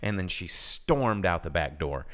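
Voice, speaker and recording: A man hosting a live show, telling a work story in casual chat and mimicking customers in a high voice. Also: animated, unhurried, heavy background noise. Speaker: podcast host.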